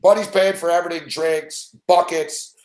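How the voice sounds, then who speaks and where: A middle-aged man spins a rambling story in casual chat, swearing every few words. His voice sits a little high for a man. The room around him rings with a noticeable echo. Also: fairly even intonation, normal speed, a little mellow. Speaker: sports betting show regular. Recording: roomy echo.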